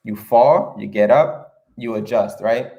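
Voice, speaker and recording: A man's voice: medium pitch, slow, dull audio. A young man talking to his camera in a casual motivational vlog. He is earnest and repeats himself, tagging his points with "right?". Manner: earnest, repetitive, asks "right?" often. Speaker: motivational vlogger.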